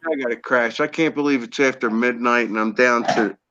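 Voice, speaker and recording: A man's voice: medium pitch, fairly even intonation, brisk, fairly bright tone, dry recording. A man hosting a podcast in casual chat, easygoing and joking with his guest. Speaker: podcast host. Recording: dull lo-fi audio.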